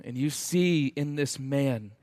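A man's voice: medium pitch, slow pace, darkish tone, no echo, clean studio sound. A man tells a war story as an illustration. He speaks earnestly and hesitantly, with frequent filler sounds.

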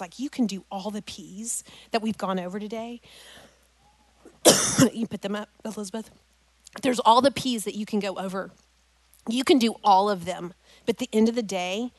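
A woman's voice: medium pitch, no room sound. A middle-aged woman speaking to a parents' group, telling an emotional personal story and tying it to scripture. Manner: emotional, animated storytelling, addresses listeners as "guys".

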